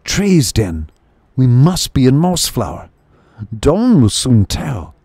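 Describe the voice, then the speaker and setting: A man's voice: medium pitch, wildly swooping pitch, slow pace, dark tone, slightly rough, dry recording, clean studio sound, pitched above the performer's own voice, full character voice. A man voicing a simple, cheerful young male mole who talks in a rustic country dialect. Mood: eager.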